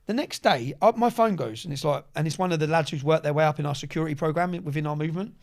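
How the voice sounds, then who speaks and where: Fast-talking man telling a story. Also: on the high side, vocal fry. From England. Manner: rapid, animated, peppered with "yeah?" and "bruv". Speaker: podcast guest. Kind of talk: casual storytelling.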